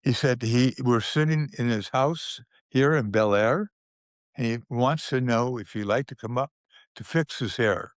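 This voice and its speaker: Slow-talking older man telling stories. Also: medium pitch, no room sound, clean studio sound. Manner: unhurried storyteller, with frequent restarts and chuckles. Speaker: interview guest. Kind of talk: telling anecdotes in a conversational interview.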